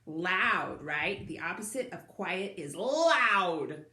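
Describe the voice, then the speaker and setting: A woman's voice: mid-range voice, expressive, normal speed, noisy background. A woman librarian leading a recorded story time for young children, speaking cheerfully and asking them questions as she reads a picture book aloud. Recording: roomy echoey recording.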